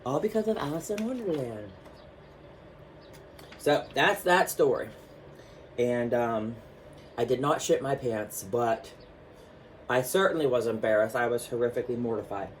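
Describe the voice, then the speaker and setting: A man vlogging, telling a personal story in a chatty, animated way with lots of fillers while showing his artwork. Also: medium pitch, a little slow, pauses often, slight background noise.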